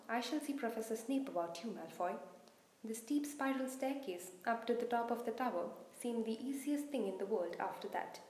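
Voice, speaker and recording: Brief: woman storyteller reading a children's novel aloud, expressive, fairly high voice, roomy echo. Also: slight background noise. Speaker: reader.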